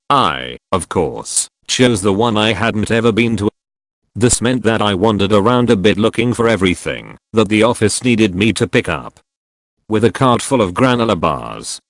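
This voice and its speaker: A text-to-speech man reads online posts in a steady, scripted delivery. His pitch sits low but rises and falls a lot. The sound is dry and close. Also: no room sound. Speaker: narrator reading online posts. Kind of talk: scripted narration.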